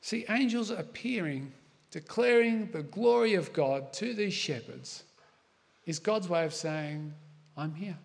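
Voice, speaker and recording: A middle-aged man preaching a sermon in a relaxed, chatty way, with asides and questions to his listeners. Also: high voice, measured pace, creaky. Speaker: pastor. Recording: long hall reverb.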